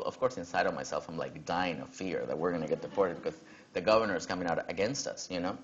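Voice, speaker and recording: A young man giving a keynote talk, telling a personal story in a casual way, full of "you know" and lively quoted dialogue. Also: low voice, quick pace, lo-fi sound, a little hiss or hum. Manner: casual, animated when quoting others, frequent "you know". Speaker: keynote speaker.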